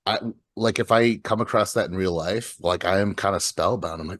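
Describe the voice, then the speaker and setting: A man with a very low voice co-hosts a podcast in loose, rambling chat. He swears freely and trips over fillers and restarts. His voice sounds dry and close. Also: a little fast, fairly bright tone, no room sound. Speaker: podcast co-host. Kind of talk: casual chat.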